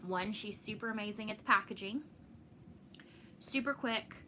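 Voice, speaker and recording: A woman's voice: medium pitch, moderate pace, sharp tone, slight background noise. A woman from Texas with a Texan accent, chatting casually with viewers as host of a stitching show at home. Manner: chatty, laughing, answers viewer comments. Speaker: flosstube host. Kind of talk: casual live chat.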